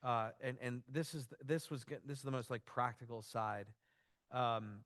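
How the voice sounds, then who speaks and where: A man leads a church workshop in an easygoing, conversational way, often breaking off and restarting his thoughts. His voice sits at an ordinary middle pitch. The recording is dry, with little room sound. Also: fairly bright tone, dry recording. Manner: casual, loose, with frequent restarts and "like". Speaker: workshop presenter.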